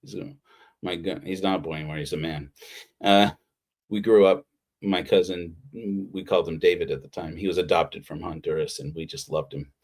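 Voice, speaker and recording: A man's voice: low-pitched, fairly even intonation, fairly quick, darkish tone. A man preaching a casual, heartfelt sermon on a livestream, rambling with frequent restarts. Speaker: pastor. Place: Utah.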